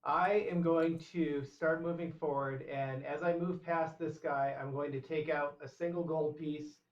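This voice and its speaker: A man calmly describes his character's actions in a tabletop game. He sounds slightly higher than most men, in an echoey room with a dull recording. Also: unhurried. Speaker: player. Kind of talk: casual game chat.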